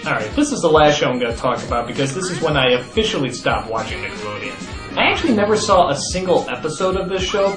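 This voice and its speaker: A man hosting a comedy review, sarcastic and prone to exaggerated, shouted outbursts. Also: on the high side. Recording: echoey voice over music.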